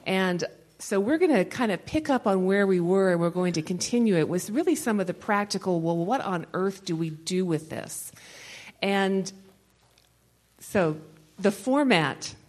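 A woman's voice: medium pitch, expressive, a little slow, darkish tone, poor audio. A woman leading a Christian conference session, talking in a rambling, conversational way and laughing often between thoughts. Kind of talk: conversational teaching talk to a live audience.

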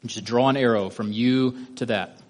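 A man's voice: mid-range voice, steady tone, moderate pace, a little mellow. A man teaching a Bible study lesson, methodically guiding listeners step by step through a drawing.

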